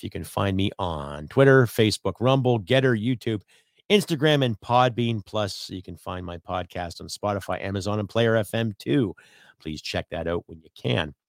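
Blunt, profane low-voiced male podcaster. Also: creaky, no echo, studio quality. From Canada. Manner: blunt, profane, rambling rant. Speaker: podcast host. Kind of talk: ranting solo podcast.

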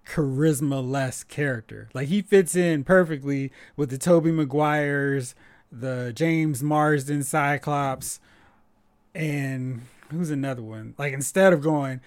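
A man co-hosting a casual movie podcast, opinionated and animated, firing off quick asides. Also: mid-range voice, dry recording. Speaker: podcast co-host. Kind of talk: casual chat.

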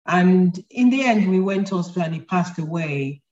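A woman hosting an interview, affirming and gently encouraging her guest. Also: on the low side, expressive, normal speed. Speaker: host. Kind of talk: interview conversation. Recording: muffled lo-fi audio.

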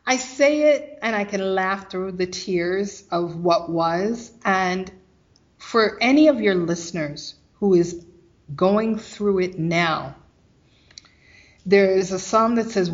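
A woman guest telling a personal story of hardship and faith, animated and acting out the voices of others. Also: mid-range voice, slow pace, highs cut off. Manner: animated, acts out quoted voices.

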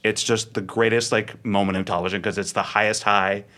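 A man chatting casually as a superfan guest, retelling funny moments with animated quotes and laughter. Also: fairly low pitch, brisk. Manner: animated storytelling, acting out quotes, frequent laughter. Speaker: podcast guest, show superfan. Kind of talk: casual chat.

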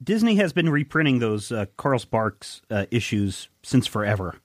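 A man's voice: medium pitch, very animated, moderate pace, dry recording, clean studio sound. A man hosting a podcast, talking enthusiastically about comics in a casual, rambling way. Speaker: podcast host.

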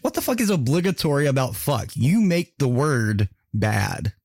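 A man hosting a loose podcast chat, cursing casually and breaking into laughter between stories. His voice sits at an everyday middle pitch. The sound is dry and close, with no room around it. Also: sing-song, normal speed, hardly any pauses, darkish tone, no room sound. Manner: profane, laughs often, joking. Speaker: podcast host.

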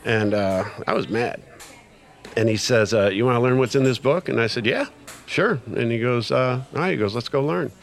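A man's voice: mid-range voice, brisk, creaky. A middle-aged man telling a personal story in casual conversation, acting out quoted dialogue with lots of fillers. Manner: animated retelling with quoted dialogue, many fillers. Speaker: guest sharing recovery story.

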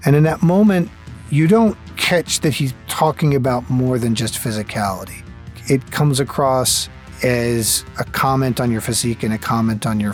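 Guy running a tabletop game, mid-pitched voice, unhurried storytelling. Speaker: game master.

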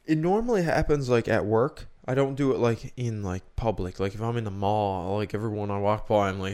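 Rambling and thinking aloud with frequent restarts, a young man co-hosts a casual podcast chat. He has a lowish, smooth voice, speaking a little fast with hardly any pauses.

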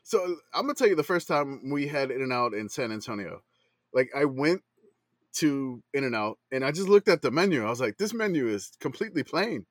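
A man's voice: medium pitch, big pitch swings, moderate pace, no room sound. A man co-hosting a casual sports podcast, talking in a rambling way full of fillers and laughs. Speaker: podcast co-host. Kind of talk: casual chat.

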